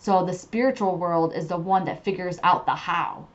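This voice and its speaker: A woman's voice: lowish voice, moderate pace, lo-fi sound. A woman hosting a tarot podcast, giving casual spiritual advice in a chatty way full of "you know". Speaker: podcast host and tarot reader.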